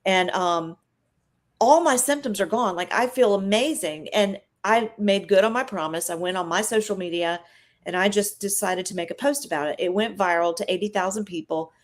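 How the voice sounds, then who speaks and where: A woman's voice: medium pitch, normal speed. A middle-aged woman, guest on a live stream, telling an emotional faith and healing story in a chatty, earnest way.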